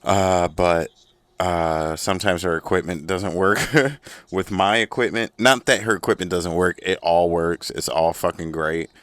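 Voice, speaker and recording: A man's voice: deep voice, steady tone, measured pace, fairly bright tone, smooth, dry recording. A man hosting a casual solo podcast, rambling, profane and self-mocking, in a small recording studio. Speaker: podcast host.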